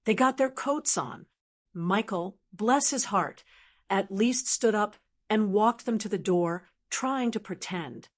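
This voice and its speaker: A woman in her sixties narrating a first-person family story in a measured, steady way. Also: mid-range voice.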